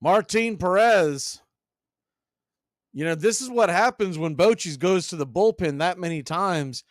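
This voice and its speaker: A man calls a baseball game pitch by pitch in a slightly high voice, recorded dry and close. He drops wry asides between the calls. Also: measured pace, no room sound. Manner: steady, wry calling of pitches. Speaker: play-by-play announcer. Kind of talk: radio play-by-play commentary.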